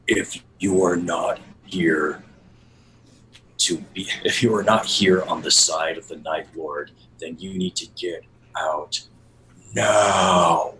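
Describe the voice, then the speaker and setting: A man voicing a male dragonborn fighter in a tabletop game, giving a slow commanding warning to a crowd. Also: low-pitched, pushed and bright, a little hiss or hum, full character voice, poor audio. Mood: threatening.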